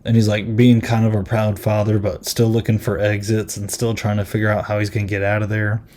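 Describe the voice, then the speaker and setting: A man's voice: on the low side, level tone, fairly quick, darkish tone. A man hosting a podcast and reviewing a film in casual chat, rambling and amused, with lots of ums and likes.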